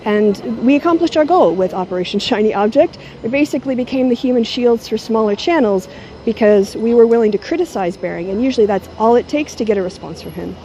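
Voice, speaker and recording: With slight background noise behind her, a middle-aged woman speaks fast in a warm, fairly high voice full of lively intonation. She's a YouTuber filming a casual talking-head vlog on a handheld camera at arm's length, her tone sardonic and mocking.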